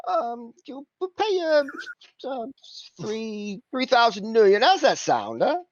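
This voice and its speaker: A man's voice: very high-pitched, big pitch swings, takes it slowly, highs cut off, a little hiss or hum, pitched above the performer's own voice, full character voice. A man voicing a brash, green-skinned punk lizard-man fixer with a cheeky, wheedling way of haggling.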